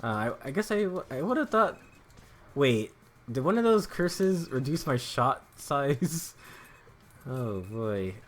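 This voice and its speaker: A man's voice: mid-range voice, very animated, slow, a bit bright. A young man chatting casually while streaming a game, rambling and joking, swearing freely and laughing often. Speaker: gaming streamer. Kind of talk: casual chat while gaming.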